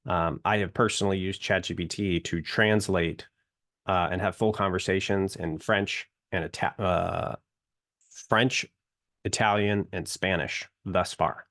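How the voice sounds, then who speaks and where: A man with a low, deep voice gives a relaxed, conversational lesson. He talks loosely, with plenty of fillers and restarts. He addresses his viewers directly. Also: unhurried. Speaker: instructor explaining prompting. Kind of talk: casual explanatory talk to viewers.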